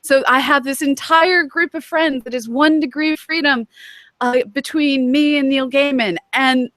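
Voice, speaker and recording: Higher-voiced woman host, dry sound. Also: steady tone, a bit bright, dry recording. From Massachusetts, USA. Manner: chatty, quick to joke and interject. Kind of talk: casual conversation.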